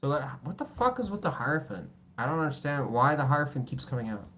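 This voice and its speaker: Very deep-voiced woman tarot reader. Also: sing-song, fast, a little hiss or hum. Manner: rambling, joking, swears casually. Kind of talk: casual tarot reading.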